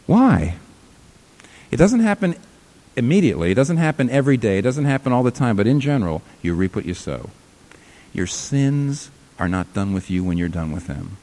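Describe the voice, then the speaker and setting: A man preaching a sermon as pastor, emphatic, rising to loud peaks and dropping to quiet low lines. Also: sing-song, moderate pace.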